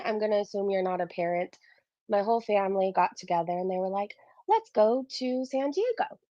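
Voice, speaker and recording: A woman's voice: a little high, very animated, normal speed, a little mellow, no echo, highs cut off. A woman hosting a casual livestream, bubbly and greeting her chatters by name. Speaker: livestream host.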